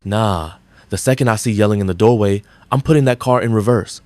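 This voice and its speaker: Blunt deep-voiced male commentator. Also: fairly quick, a little mellow. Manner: blunt, mocking. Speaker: reaction commentator. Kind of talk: scripted commentary.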